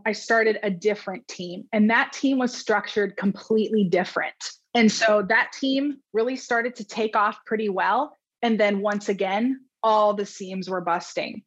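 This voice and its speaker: A woman's voice: mid-range voice, muffled recording. A woman in her thirties, a real estate agent, telling her story candidly in a chatty way full of fillers. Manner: candid, animated, many fillers like "like" and "um". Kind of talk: conversational storytelling.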